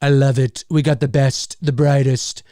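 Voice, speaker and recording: A man's voice: mid-range voice, fairly even intonation, moderate pace, mellow, dry recording, clean studio sound, voice pushed down, close to an everyday voice. A man doing a bragging politician caricature. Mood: boastful. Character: blustering, boastful older male politician caricature.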